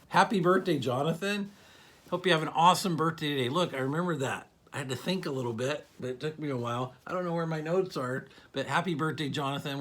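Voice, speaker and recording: A man's voice: mid-range voice, fairly bright tone. Upbeat man giving school morning announcements. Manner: upbeat, encouraging, a little scattered.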